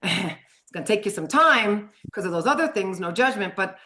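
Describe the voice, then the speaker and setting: A middle-aged woman leads a live online training as a sugar addiction coach. She talks in a chatty, frank way, drops casual swear words and laughs often. Her voice sits at an ordinary middle pitch. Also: expressive, normal speed, bright, forceful tone.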